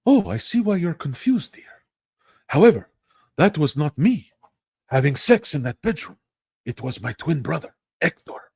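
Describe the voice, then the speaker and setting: A man's voice: a little slow, creaky, pauses often, slightly rough, no room sound, clean studio sound, heavily acted. A man hamming up a cheating soap opera lover. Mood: melodramatic. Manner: melodramatic, high and excited denials.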